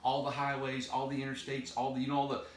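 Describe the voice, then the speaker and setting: A man's voice: mid-range voice, completely flat delivery, fast. A man hosting a casual live chat, playful and teasing, with theatrical mock complaints. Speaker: tiny home builder and show host. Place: large warehouse. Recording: echoey warehouse, far from mic.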